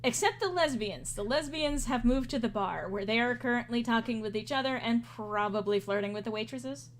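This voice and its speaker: A woman's voice: on the high side, fairly quick. Chatty woman running a tabletop game. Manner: animated, chatty, laughs often. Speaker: game master.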